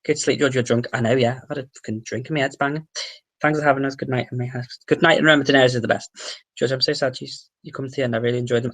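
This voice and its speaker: A man with a Merseyside accent hosts a relaxed livestream, reading his viewers' comments aloud and replying to each. He talks quickly, his voice has a gravelly fry, and he drops the odd swear. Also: medium pitch. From the Wirral, England. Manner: chatty, reads out viewer comments and answers them, swears casually. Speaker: livestream host.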